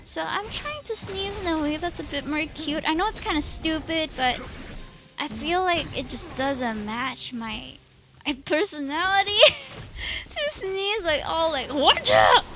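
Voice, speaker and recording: A woman's voice: high-pitched, expressive, measured pace. A young woman with a Singaporean accent, chatting casually and giggling on her live stream, sprinkling in Singlish particles. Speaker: VTuber streamer.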